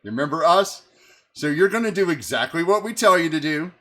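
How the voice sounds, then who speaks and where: A man's voice: fairly high pitch, expressive, a little fast, voice pushed up. A man doing a brash, bossy warrior. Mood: commanding. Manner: loud, commanding, gruff. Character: brash male warrior delivering orders.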